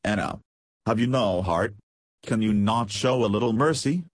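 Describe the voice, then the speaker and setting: An agitated, distraught young gentleman who pleads passionately, as a man reads him in an audiobook. The voice is low and husky, recorded dry and close. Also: moderate pace, no room sound.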